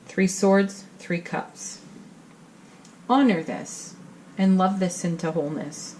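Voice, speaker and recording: A middle-aged woman giving a spiritual tarot reading in a gentle, soothing, reassuring manner. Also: lowish voice, takes it slowly, a little hiss or hum, rough recording. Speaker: tarot reader.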